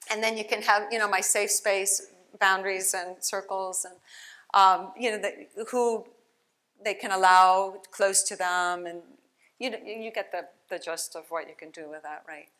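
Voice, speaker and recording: A woman speaks at a conference keynote with a bright, clear-edged voice. Her talk is chatty and animated, a play therapist telling stories to the audience through a microphone. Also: mid-range voice, slow, long pauses. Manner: chatty, animated storytelling with laughs. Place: conference hall.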